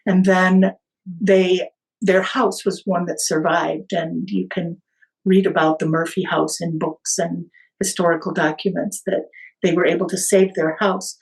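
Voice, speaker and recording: Animated woman telling a family tale. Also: lowish voice, a little slow, creaky, low-quality recording. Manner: animated storyteller with small hesitations and restarts. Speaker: podcast guest. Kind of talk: family storytelling in conversation.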